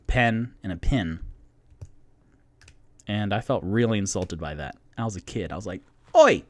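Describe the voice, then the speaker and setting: A man's voice: fairly low pitch, moderate pace, dry recording. A young man from North Carolina with a light Southern accent, chatting casually and rambling as a podcast host. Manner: rambling, self-interrupting, jokey. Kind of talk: casual tipsy chat to an audience.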